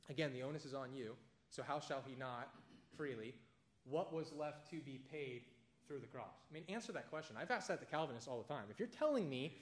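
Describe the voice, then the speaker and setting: A man teaching a casual Bible study, conversational and animated, telling everyday anecdotes between points. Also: fairly high pitch.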